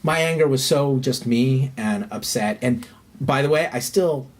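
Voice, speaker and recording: A man who is a podcast guest, telling a candid personal story in an earnest, halting way and swearing when heated. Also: medium pitch.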